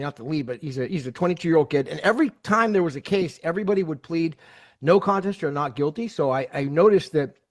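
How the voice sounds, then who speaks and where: A man hosting his channel, casually retelling a court hearing and acting out the people in it, with many restarts. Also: on the high side. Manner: animated, acts out quoted voices, many restarts. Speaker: host retelling a court case. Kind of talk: casual storytelling commentary.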